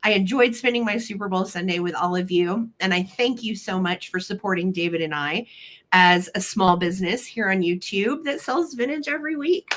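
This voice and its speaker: Bright-voiced woman hosting a vintage sale. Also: mid-range voice, normal speed, a little hiss or hum. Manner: chatty, friendly, apologetic asides. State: weakened voice after being sick. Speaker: live-stream vintage sale host. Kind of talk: casual live-stream sales pitch.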